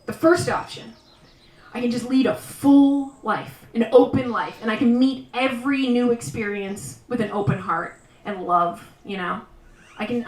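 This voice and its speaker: A woman performing a live stand-up routine, telling exaggerated comic stories with loud animal imitations, then introducing the next act as emcee. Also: fairly high pitch. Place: small live venue on stage. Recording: roomy live venue, voice from far off.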